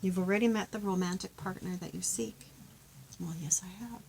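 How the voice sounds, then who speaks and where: A woman giving an intuitive love card reading, talking in a gentle, heartfelt, chatty way and sharing her own story. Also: lowish voice, fairly even intonation, moderate pace, vocal fry, slight background noise, low-quality recording. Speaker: tarot card reader.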